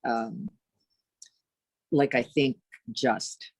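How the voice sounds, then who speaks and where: A woman meditation teacher giving a dharma talk, lively and searching, tossing rhetorical questions to her listeners and acting out inner voices. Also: very deep voice, drawn-out words, no room sound.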